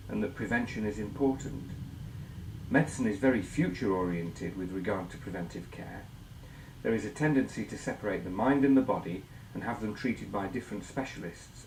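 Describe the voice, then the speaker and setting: A man presenting a scripted lesson, measured and explanatory, asking guiding questions. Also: fairly low pitch, darkish tone, echoey room, slight background noise, rough recording. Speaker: instructor.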